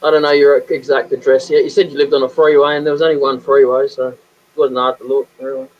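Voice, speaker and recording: A man's voice: medium pitch, little pitch movement, quick pace. A man hosting a live stream, teasing his guests and laughing often. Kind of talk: casual live-stream chat. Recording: dull lo-fi audio.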